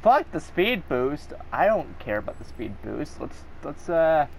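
A man's voice: on the high side, big pitch swings, measured pace, creaky, slight background noise. A man giving live gameplay commentary, swearing and ranting angrily at the game. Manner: profane, angry ranting at the game. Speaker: gaming video creator.

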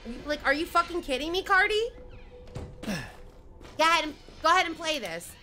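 A young adult woman streamer giving loud live commentary on a horror game, swearing often and yelping and screaming. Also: extremely high pitch, expressive, a little fast. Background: game music.

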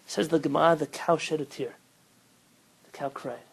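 A man, a rabbi, teaching an informal Torah class, telling stories with lively bursts of emphasis and sprinkling Hebrew terms into his English. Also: fairly high pitch, moderate pace, gravelly, breathy edge, low-quality recording. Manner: animated storytelling, rising loud when quoting.

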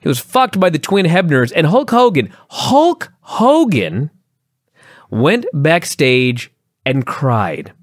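Speaking at an unhurried pace, this man co-hosts a wrestling review podcast and launches into an animated, casual rant full of sweeping pitch swings. It's a dry, studio-quality recording.

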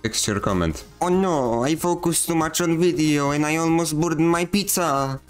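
A man hosting his channel, reading viewer comments aloud and mocking them with deadpan, slangy sarcasm. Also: on the high side, moderate pace, faint music behind. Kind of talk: comedic comment-reading vlog.

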